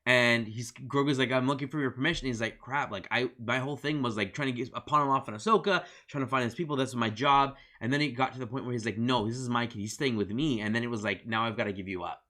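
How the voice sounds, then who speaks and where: Excited man recapping a TV episode. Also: medium pitch, quick pace, hardly any pauses. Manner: excited, retells scenes with acted-out quotes and many fillers. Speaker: podcast co-host. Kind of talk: casual review chat.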